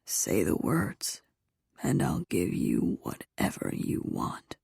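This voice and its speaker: A woman voicing an intense young male lover in a whispered role-play, with a low, husky, coaxing whisper. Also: wildly swooping pitch, slow, a little mellow, no echo, studio quality, full character voice. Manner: coaxing, insistent.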